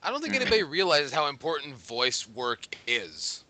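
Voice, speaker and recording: A man hosts a casual gaming podcast, joking and sarcastic as he steers the talk. His voice is very bright and high, with lively swings in pitch. The sound is dry and close. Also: moderate pace, dry recording. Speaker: podcast host.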